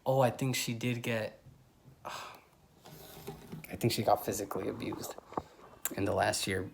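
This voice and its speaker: A young man vlogging, telling a rambling personal story in a casual, animated way with loud outbursts. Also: lowish voice, slow, vocal fry, background noise.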